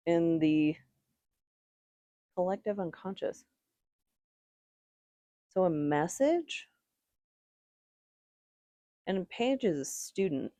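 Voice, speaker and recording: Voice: mid-range voice, expressive, drawn-out words, long pauses, dark tone, no room sound, lo-fi sound. A tarot reader giving a casual, rambling reading, with strong opinions and lots of "like" fillers.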